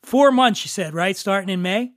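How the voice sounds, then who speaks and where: A man's voice: sits high, moderate pace, dry recording, studio quality. A man hosting a podcast, teasing and joking with his guest. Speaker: podcast host. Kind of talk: casual chat.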